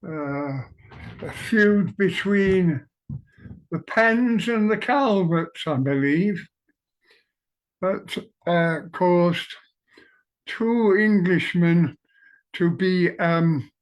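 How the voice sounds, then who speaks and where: A man on a video call giving a halting, thoughtful introduction to the piece he is about to perform. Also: high-pitched.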